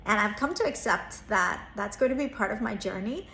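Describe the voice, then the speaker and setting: A woman's voice: medium pitch, lively intonation, normal speed, creaky, fairly bright tone, echoey room, a little hiss or hum. A woman in her thirties, a therapist and parenting coach, telling a personal story in an earnest, reflective way, lifting her voice when she acts out quoted lines.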